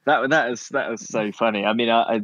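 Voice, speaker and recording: A man's voice: medium pitch, a bit bright, no echo. A man in his thirties from Cornwall with a Cornish English accent, chatting casually as a podcast guest, often restarting his sentences and chuckling. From Cornwall, England. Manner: halting, self-interrupting, chuckles often. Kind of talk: casual conversation.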